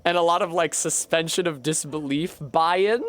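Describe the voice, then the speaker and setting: Guy streaming a game, high-ish voice, swears a lot while rambling about books. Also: moderate pace. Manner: rambling, profane, joking retellings. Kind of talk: casual gameplay chat.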